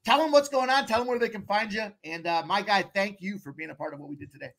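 A man hosting a sports betting live stream, hyping up his guests with slangy shout-outs in casual chat. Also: high-pitched, fast talker. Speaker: host of a sports betting show.

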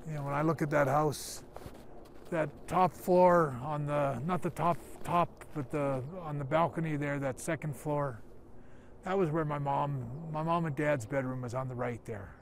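Older canadian guy telling old family stories outside, gravelly voice, kinda rambly, faint noise behind. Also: a little high, moderate pace. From Calgary, Canada. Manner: rambling, reminiscing with many restarts. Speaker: guest giving a tour. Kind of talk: casual storytelling.

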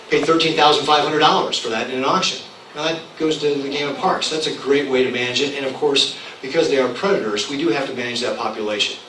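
A man answering as a candidate in a public debate, measured and assertive. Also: mid-range voice, bright, forceful tone. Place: public hall. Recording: echoey room from far off, faint noise.

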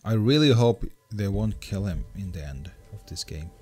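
A man doing let's play commentary, excitable and swearing, coaxing the creature on screen. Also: fairly low pitch, normal speed, soft background music. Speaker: gaming commentator.

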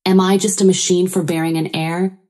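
A woman tells a first-person story aloud, keeping a steady storytelling delivery. Her voice sits fairly low for a woman. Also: fairly quick. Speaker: narrator.

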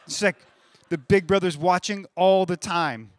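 A man in his thirties preaching a sermon as pastor, conversational and animated, acting out little voices in his stories. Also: sits high, unhurried, dry recording, studio quality. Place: church stage.

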